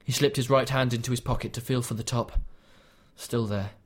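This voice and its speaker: Male audiobook narrator, mid-pitched, measured, even delivery for tense fiction. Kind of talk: scripted narration.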